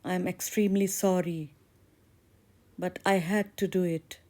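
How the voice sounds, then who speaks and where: Teacher putting on a shy young blacksmith guy, soft and sorry, slow talker. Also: lowish voice, fairly even intonation, lightly acted. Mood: apologetic. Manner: soft, apologetic. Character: young male blacksmith, humble and lovestruck.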